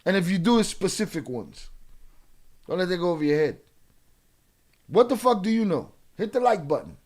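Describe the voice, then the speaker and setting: A man with a fairly high voice, streaming live and clapping back at his chat. He argues in a blunt, profane way, repeats questions back at commenters, and trips over restarts as he pushes his point. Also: big pitch swings, normal speed, a little mellow. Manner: combative, profane, arguing with commenters.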